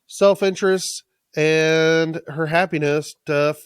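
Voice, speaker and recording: A man's voice: on the high side, fairly even intonation, slow, clean tone, dry recording, studio quality. A man co-hosting a TV recap podcast in casual, jokey chat, swearing a lot. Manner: crude, swears constantly, jokey. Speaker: podcast co-host.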